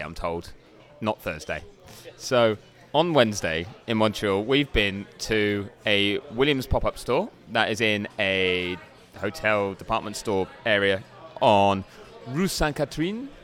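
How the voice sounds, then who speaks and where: A man's voice: lowish voice, slow pace, fairly bright tone, soft background music. A man co-hosting a podcast from a bar, wry and rambling as he tells a story in casual banter. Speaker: podcast co-host.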